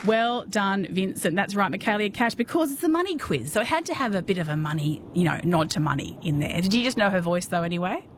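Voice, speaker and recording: A woman's voice: mid-range voice, animated, fast talker, hardly any pauses, crowd noise, noisy background. An Australian woman hosting a call-in radio quiz, chatty and laughing often. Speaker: radio host.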